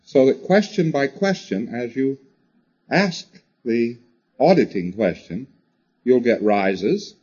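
A man lectures a class in a husky, mellow voice whose pitch swoops up and down with emphasis. He talks conversationally and hammers points home by repeating words and tossing in "you see" asides. The sound is a dull, lo-fi tape recording. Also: expressive, slow pace.

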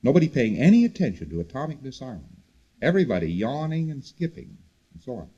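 Male lecturer, lively up-and-down delivery, conversational, repeats for emphasis, husky. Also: mid-range voice, quick pace, highs cut off. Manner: conversational, repetitive, animated emphasis. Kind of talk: recorded lecture to students.

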